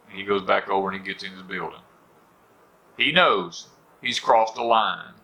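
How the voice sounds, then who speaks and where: Speaking from the porch of his home, this middle-aged Southern US man hosts a homestead channel and gives viewers a rambling, folksy talk full of "you know" fillers. His voice runs on the low side with a sharp tone.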